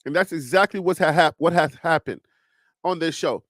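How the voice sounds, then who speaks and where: A man hosting a live sports talk show, speaking in a calm, reassuring, preacher-like cadence and often repeating and restarting phrases. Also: on the high side, normal speed, no room sound, studio quality.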